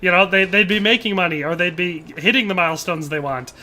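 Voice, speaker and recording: Male game streamer, high bright voice, rambling casual chat with viewers, desktop mic. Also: brisk. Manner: rambling, animated, laughs often, trails off and restarts. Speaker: gaming livestream host.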